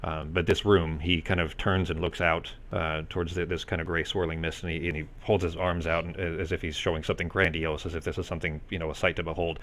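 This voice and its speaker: A man's voice: deep voice, little pitch movement, fast talker, few pauses, a bit bright. A man narrating as game master in a loose, hesitant way with many fillers.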